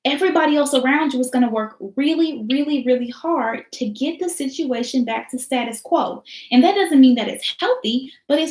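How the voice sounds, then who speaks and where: A woman's voice: high voice, moderate pace, few pauses, a little mellow. A woman teacher hosting a motivational talk, speaking in an emphatic, preachy style with repeated phrases and casual slang. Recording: roomy echo.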